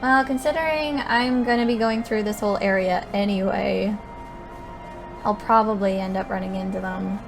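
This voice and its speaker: A young woman giving excitable, swearing commentary while playing a game. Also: mid-range voice, normal speed, over music. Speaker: gaming streamer. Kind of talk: casual gameplay commentary.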